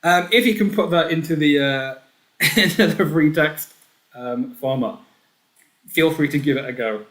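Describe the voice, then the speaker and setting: A man hosting a live online pub quiz, chatty, reading each question and its options twice and often clearing his throat. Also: fairly high pitch, unhurried, fairly bright tone. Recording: echoey room.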